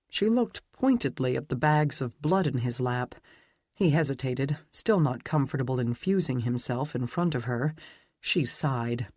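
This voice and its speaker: A man narrating a dark fantasy romance audiobook in a steady, even reading. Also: mid-range voice, a little slow, breathy edge, dry recording, clean studio sound. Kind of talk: scripted narration.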